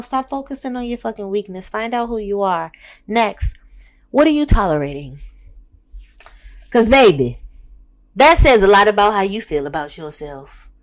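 A woman, giving a candid motivational monologue in a profane, emphatic, repetitive, fired-up way. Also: medium pitch. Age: 30s. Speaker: self-help speaker.

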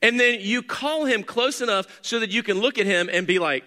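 A male pastor who reads a scripture passage and then preaches an animated, joking sermon to his congregation. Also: a little fast. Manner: animated, joking, rises high for emphasis.

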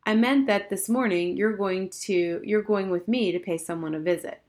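A woman reading aloud and voicing a gentle, somewhat hesitant mother in a storybook. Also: mid-range voice, moderate pace, natural voice. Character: gentle, awkward middle-aged mother.

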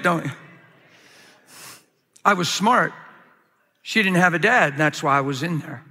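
A bright, fairly high-voiced man preaches a sermon in a big hall, his words ringing with a long reverb. He tells his story with lots of drama, jumping from loud shouts to hushed asides in front of a live audience. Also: breathy edge. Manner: animated storytelling, swinging from loud shouts to low quiet asides. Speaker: pastor.

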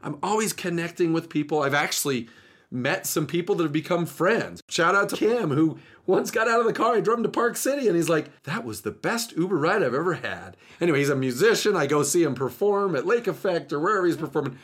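A man hosting a podcast, telling his stories in an animated, chatty casual way. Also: fairly high pitch, fairly quick, breathy edge. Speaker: podcast host. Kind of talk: casual storytelling chat.

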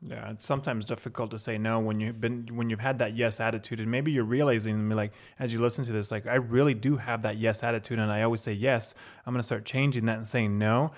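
A man's voice: lowish voice, steady tone, fast, hardly any pauses. A young adult man co-hosting a casual podcast, talking in loose, rambling sentences and quoting imagined dialogue. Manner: rambling, restarts, acts out quoted lines. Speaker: podcast co-host.

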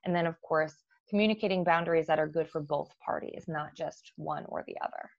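A woman's voice: low-pitched, a little fast, gravelly, no echo. Woman therapist, dry and muffled. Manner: explanatory, with many fillers and restarts. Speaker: therapist guest. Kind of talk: professional conversation.

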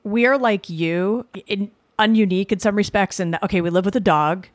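A woman's voice: medium pitch, moderate pace, no room sound. Dry sarcastic woman in her forties. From Boston suburbs, USA. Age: 40s. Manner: dry, sarcastic, rambling with self-corrections. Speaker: podcast co-host. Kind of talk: casual comedic podcast banter.

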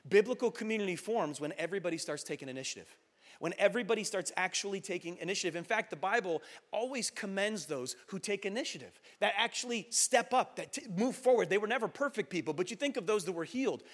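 A man in his thirties preaching a sermon as pastor, passionate and building to loud exhortation, acting out quoted voices. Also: high voice, expressive, fast.

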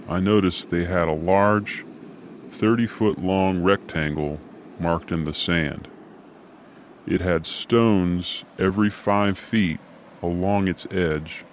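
Deep, slow deadpan storyteller man. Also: slight background noise. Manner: dry, deadpan humor. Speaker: narrator. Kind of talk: storytelling narration.

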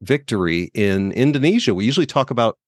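Low-voiced man, dry close podcast sound. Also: quick pace, no echo. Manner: relaxed, hesitant with frequent fillers. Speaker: podcast co-host. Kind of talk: casual podcast chat.

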